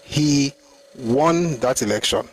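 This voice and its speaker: A man's voice: medium pitch, takes it slowly, a little hiss or hum, poor audio. A man with a Nigerian accent, hosting a live history talk and arguing his points with rhetorical questions. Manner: argumentative, full of rhetorical questions. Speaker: host.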